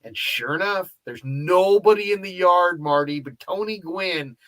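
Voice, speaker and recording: A man hosting a casual sports radio show, telling anecdotes as a lively storyteller who acts out the dialogue. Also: sits high, a little slow.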